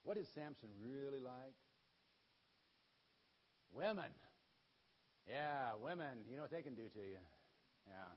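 A man's voice: medium pitch, expressive, a little slow, pauses often, slightly rough, muffled recording. A man telling a Bible story to children in a children's sermon, in a folksy and dramatic way.

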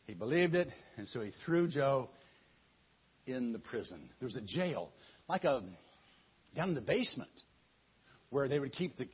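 Brief: husky-voiced male storyteller, playful, high and lively pitch, kids' sermon. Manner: playful, chatty, addresses children. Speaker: children's Bible storyteller. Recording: muffled lo-fi recording.

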